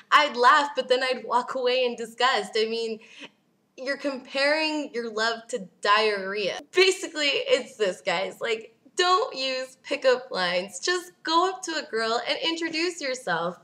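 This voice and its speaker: A woman's voice: a little high, sharp tone. Blunt, sarcastic young woman vlogger. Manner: blunt, sarcastic, swears and laughs often. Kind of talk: casual ranting vlog and Q&A.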